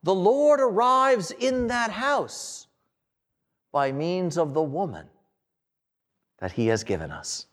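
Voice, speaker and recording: A man preaching a sermon in a slow, dramatic way, with long pauses and phrases that fall away at the end. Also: high-pitched, sing-song, fairly bright tone. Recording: long hall reverb.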